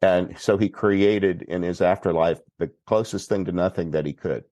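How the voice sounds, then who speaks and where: A man from Texas, a priest guest on a podcast, telling a story in an unhurried, plainspoken way. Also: low-pitched, warm tone, no echo. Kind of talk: recounting a story in conversation.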